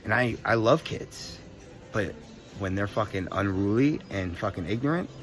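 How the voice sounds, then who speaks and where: A young man telling a story in a casual, profane, animated rant full of street slang. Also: fairly low pitch, moderate pace. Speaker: vlogger.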